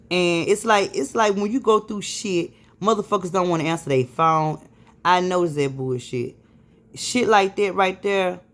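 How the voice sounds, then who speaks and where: A stressed, weary woman venting to camera, swearing heavily, with many fillers and restarts. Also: on the low side. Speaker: vlogger.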